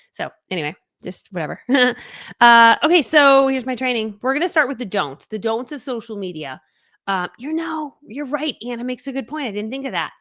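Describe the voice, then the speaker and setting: A woman in her forties talks fast and excitably, running a casual live training full of rambling asides. Her voice is recorded close and dry, with no room sound. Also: a little high, no echo. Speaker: business coach.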